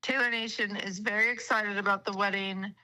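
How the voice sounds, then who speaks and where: A woman's voice: mid-range voice, fairly even intonation, a little fast, bright, forceful tone, rough recording. A woman guest on a live stream, chatting in a playful, giggly way. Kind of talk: casual chat.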